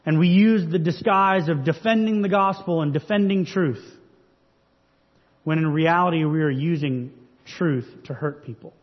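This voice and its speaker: A man preaches an earnest, measured sermon, his slightly high, husky voice carrying through a church sanctuary. The recording is dull and washed in long hall reverb. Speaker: pastor.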